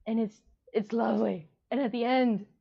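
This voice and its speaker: A woman's voice: fairly high pitch, fairly even intonation, moderate pace, vocal fry, breathy edge. Gushing woman reviewing a book, lo-fi. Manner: gushing, emotional, rambling. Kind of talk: casual book review vlog. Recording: dull lo-fi sound.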